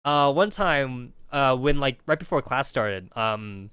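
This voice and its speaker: A man's voice: mid-range voice, lively intonation, slow, fairly bright tone, smooth, no room sound. A man streaming and telling a rambling story with lots of fillers, on a close mic. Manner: rambling, filler-heavy, jumps between voices. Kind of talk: casual storytelling.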